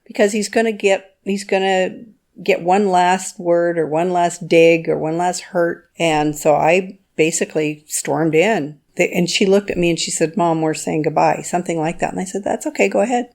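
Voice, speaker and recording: A woman's voice: on the low side, fairly even intonation, normal speed, a little mellow. A middle-aged woman recalling a family story in a firm, plainspoken, protective way. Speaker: mother of the storyteller. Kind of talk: personal storytelling.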